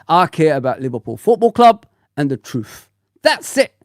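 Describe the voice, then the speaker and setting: A man in his forties hosting a fan livestream, talking bluntly in an animated, ranting way full of slang. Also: on the high side, moderate pace, no echo, studio quality. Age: 40s. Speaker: football fan channel host. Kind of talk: casual livestream rant.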